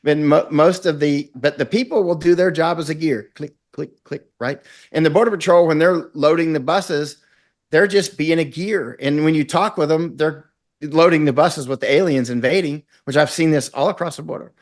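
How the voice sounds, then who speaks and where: A man's voice: a little high, moderate pace. A middle-aged man from Florida, a guest in an interview, talking in an intense, rambling way and acting out quotes. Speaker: guest, war correspondent. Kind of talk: conversational interview.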